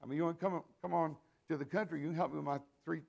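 A man's voice: a little high, steady tone, racing, creaky, darkish tone. Older man preaching a folksy sermon. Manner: folksy, conversational preaching with asides and restarts.

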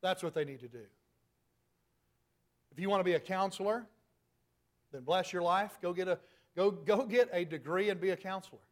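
Emphatic high-voiced male preacher. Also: normal speed, long pauses. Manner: emphatic, rhetorical questions, rising to loud peaks. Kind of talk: sermon.

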